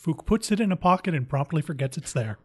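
A man's voice: on the high side, animated, fast, darkish tone, slightly rough. A man playing a tabletop role-playing game, making cheeky, flirty jokes. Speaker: player. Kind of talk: casual tabletop role-play.

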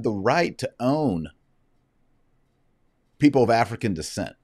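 A man's voice: medium pitch, big pitch swings, unhurried, pauses often, darkish tone, no room sound, studio quality. A man giving heated, preachy opinion commentary, fiery and sarcastic.

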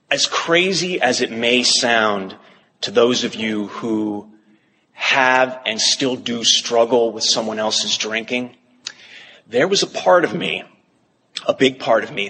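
A man's voice: medium pitch, sharp tone. Candid confessional man in a reverberant hall. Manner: candid, confessional, self-mocking. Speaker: Al-Anon speaker. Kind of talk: open talk at a recovery meeting. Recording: reverberant hall, faint background noise.

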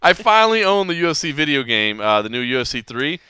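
Fast-talking man in his forties, bright. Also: on the high side, slight background noise. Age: 40s. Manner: rambling, animated storytelling with many restarts. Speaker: podcast host. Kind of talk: casual chat.

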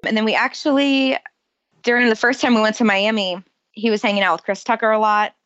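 A woman telling personal stories as a guest in a casual interview, lively and often laughing. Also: on the high side, brisk, dry recording, muffled recording.

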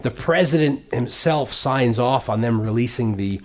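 A man in casual conversation about a movie, talking in long rambling runs. He gets animated and swears freely, dropping into quick voices for the characters he describes. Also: mid-range voice. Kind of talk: casual film discussion.

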